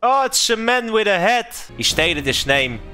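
A young man, not a native English speaker, giving casual, excitable let's-play commentary, laughing often and swearing. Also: high voice, a little slow, clear, resonant tone, faint music behind. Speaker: streamer playing a game.

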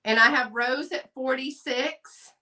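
A woman's voice: high voice, fairly even intonation, a little slow, sharp tone, recorded from a distance. A chatty woman hosting a live sale stream, reading out bids and saying y'all. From Texas. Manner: chatty, says y'all, reads bids aloud. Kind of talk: live selling stream, casual chat.

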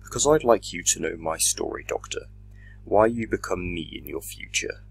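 A man voicing a tormented, menacing armored villain in a fan audio drama reading, speaking slowly and broodingly. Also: low-pitched, lively intonation, vocal fry, breathy edge, full character voice, low-quality recording.

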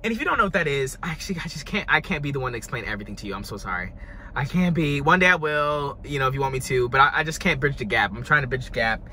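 A man talking in a dramatic, gushing reaction vlog, his voice hoarse from screaming. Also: medium pitch, lively intonation, rapid-fire, pushed and bright, slight background noise. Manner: dramatic, gushing, over-the-top. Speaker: music reviewer.

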